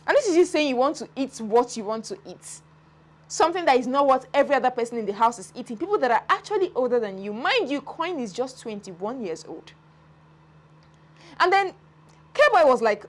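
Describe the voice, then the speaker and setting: A woman talks through the week's reality-show drama in a lively, swooping voice that sits fairly high. She laughs often and slips into the voices of the people she describes. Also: normal speed. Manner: animated, laughing, dramatic retellings. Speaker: entertainment commentator. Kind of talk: casual reality-show commentary.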